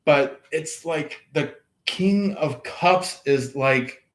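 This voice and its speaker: A man with a somewhat high voice gives a casual tarot reading, drifting slowly through his thoughts with lots of fillers. When he voices imagined people, he drops to a soft hush.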